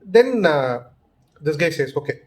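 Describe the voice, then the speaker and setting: A man hosting his channel, casually telling a story with lots of fillers and restarts. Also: medium pitch. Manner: easygoing, unhurried, with many fillers and restarts. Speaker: storyteller host.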